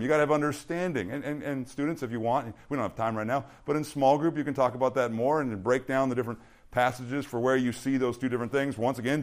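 Young guy youth pastor preaching to students, earnest, stumbles and restarts a lot. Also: mid-range voice. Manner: earnest, repeats words when starting a thought. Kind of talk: sermon.

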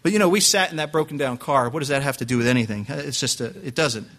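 A male pastor telling a lively personal story, acting out his quotes and restarting his sentences often. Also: medium pitch, fast. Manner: animated anecdote with acted quotes, frequent restarts and laughs. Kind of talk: preaching storytelling.

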